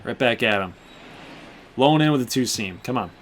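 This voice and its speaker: A man's voice: medium pitch, lively intonation, a little fast, a little hiss or hum. A young man hosting a gaming channel, chatting to viewers with casual play-by-play while he plays a baseball video game. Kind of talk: casual gameplay commentary.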